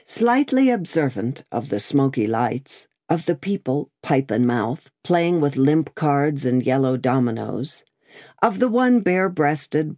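Low-voiced woman reading a classic novel. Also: dark tone, dry recording, studio quality. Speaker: audiobook reader. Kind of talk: scripted narration of a classic novel.

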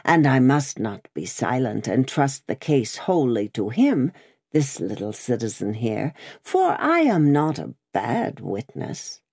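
A woman reading aloud, voicing a stern, vengeful revolutionary woman in a cold, deliberate manner. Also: a bass voice, sing-song, darkish tone, slightly rough, dry recording, studio quality, full character voice.

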